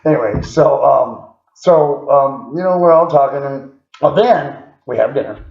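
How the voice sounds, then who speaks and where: A man with a gravelly voice tells a personal story in a loose, rambling way, padding it with fillers and small chuckles. His pitch sits in an ordinary middle range. The recording is echoey and dull, with a lo-fi sound. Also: unhurried.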